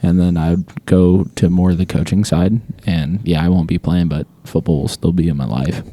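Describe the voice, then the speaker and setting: Low, dark-voiced young man chatting casually. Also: fairly even intonation, moderate pace. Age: young adult. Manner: laid-back, rambling with many fillers. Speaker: student athlete guest. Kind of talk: casual interview chat.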